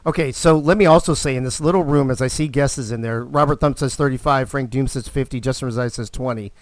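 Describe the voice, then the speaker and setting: A man hosting a live stream, telling stories in a casual, animated way and swearing constantly. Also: medium pitch, fast, no echo. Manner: profane, animated, fired-up storyteller. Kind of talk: casual storytelling.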